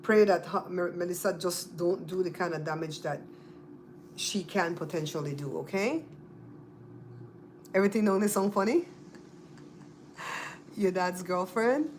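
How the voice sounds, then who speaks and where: A Belizean woman chats casually on her livestream, talking to viewers by name. Her voice sits a little low, and she likes to repeat and spell words out. A faint noise hums behind her. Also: animated, a little slow, pauses often, darkish tone. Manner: chatty, repeats and spells out names. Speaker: livestream host. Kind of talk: casual live-stream chat with viewers.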